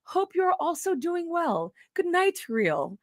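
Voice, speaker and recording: A woman voicing a dull adult man, reading his bland text replies aloud in a mocking, flat way. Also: extremely high pitch, slow pace, no room sound, clean studio sound, pitched above the performer's own voice, full character voice.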